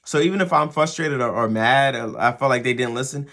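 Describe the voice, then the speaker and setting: A male host of a fathers' show talks a little fast in a medium-pitched, slightly bright voice. His advice comes out casually, with repeated words and frequent "right?" check-ins.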